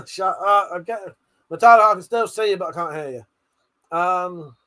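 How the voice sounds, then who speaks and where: A high-pitched man hosts a casual live stream, his voice bright and forceful. He answers chat in a brash, profane, teasing way and laughs often. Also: a little slow.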